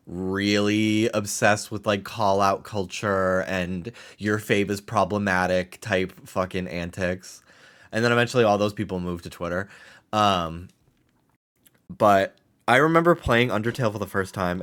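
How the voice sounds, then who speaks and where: A young adult man chatting excitedly while streaming a video game, laughing often and swearing casually. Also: lowish voice. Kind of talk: casual let's-play commentary.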